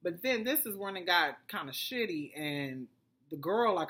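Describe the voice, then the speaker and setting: A woman with a notably low voice talks through a reality-show recap in a casual vlog. Her delivery is blunt and profane, and it rambles along with fillers and restarts. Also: expressive, a little slow, fairly bright tone. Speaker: TV recap vlogger.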